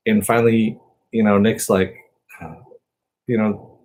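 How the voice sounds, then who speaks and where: A man's voice: lowish voice, fairly even intonation, moderate pace, rough recording. A man casually recapping a TV episode as a reviewer, rambling along with lots of fillers.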